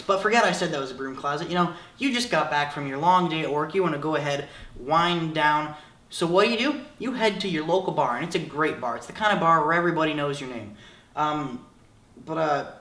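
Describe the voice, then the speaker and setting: A man's voice: fairly high pitch, bright, forceful tone, roomy sound. A young man in his late teens giving a jokey tutorial, rambling and self-mocking, with lots of filler. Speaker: vlogger. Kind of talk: comedic tutorial.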